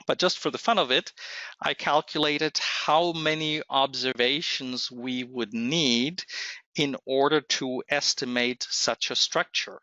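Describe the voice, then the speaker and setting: A hoarse man presenting a software webinar, explaining step by step in a measured way and pausing to think. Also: medium pitch, no echo. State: hoarse, losing his voice. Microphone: computer mic on a webinar call. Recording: dull, muffled lo-fi audio.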